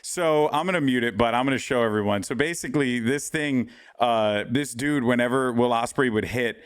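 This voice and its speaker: A man's voice: medium pitch, moderate pace, smooth, no echo, clean studio sound. A man co-hosting a podcast in casual chat, rambling and restarting his sentences with lots of fillers. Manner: rambling, self-interrupting with many fillers. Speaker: podcast co-host.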